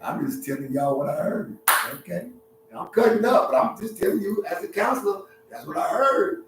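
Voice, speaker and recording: A man in a lively, preachy livestream talk, speaking as a relationship counselor and leaning on street slang. His voice sits a little high for a man and sounds distant from the mic. The room is very echoey, with a faint hum underneath. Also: normal speed.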